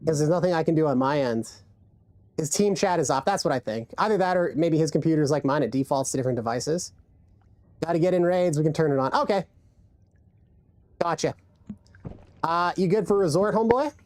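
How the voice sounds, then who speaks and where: A woman's voice: deep voice, expressive, fairly quick, pauses often, a little mellow. A woman game streamer chatting casually and profanely, rambling with many restarts into a desk mic. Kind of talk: casual live-stream chat.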